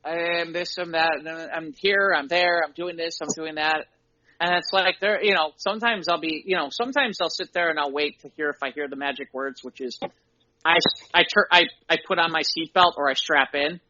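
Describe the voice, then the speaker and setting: A man co-hosting a podcast and chatting casually about running tabletop games as game master, acting out his players' lines in quick voices. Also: fairly high pitch, fairly even intonation, bright, forceful tone, lo-fi sound, a little hiss or hum. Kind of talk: casual chat.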